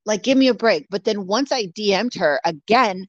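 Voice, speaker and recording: A woman's voice: mid-range voice, expressive, moderate pace, dry recording. A woman from California telling a story in casual chat, bluntly, with lots of swearing and "like" fillers. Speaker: guest. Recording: dull lo-fi dry audio.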